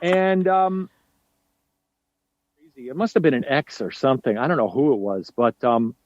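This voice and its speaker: A man's voice: mid-range voice, normal speed, a little mellow, no room sound, dull audio. A middle-aged man from New York, chatting as a podcast guest, self-deprecating and full of fillers and restarts. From United States, New York. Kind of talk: casual interview chat. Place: at home.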